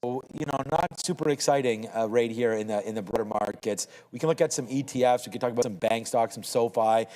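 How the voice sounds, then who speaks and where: A man's voice: medium pitch, fast, hardly any pauses, mellow, big-room sound, rough recording. A man hosting a live trading show, talking through charts in a casual, rambling way with lots of fillers. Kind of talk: live market commentary chat.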